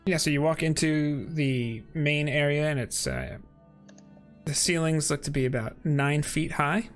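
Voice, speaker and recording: A man's voice: a little high, unhurried, faint music behind. A man narrating as game master in a casual, rambling way, often laughing.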